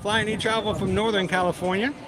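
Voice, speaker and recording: A man's voice: sits high, fairly even intonation, fairly quick, a crowd in the background. A man hosting a casual live stream from a theme park, chatting and reading out viewers' names and hometowns. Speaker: livestream host.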